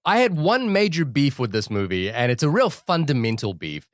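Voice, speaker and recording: A man's voice: mid-range voice, very animated, normal speed, no room sound, clean studio sound. A man co-hosting a movie podcast, talking casually with many restarts and digressions. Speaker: podcast co-host. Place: podcast studio.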